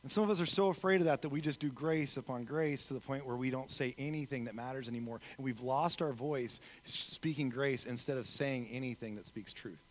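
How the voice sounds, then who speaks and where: A man giving a sermon as a guest speaker in a church, telling stories with acted-out quotes, swinging from loud emphasis to soft, quiet moments. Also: medium pitch, a little fast, few pauses. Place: church sanctuary.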